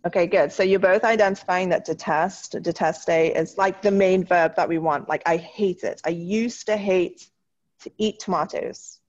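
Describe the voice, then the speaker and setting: A woman teaching a French class online, encouraging her students and slowing down to model the French words. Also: on the low side, muffled recording. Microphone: video call.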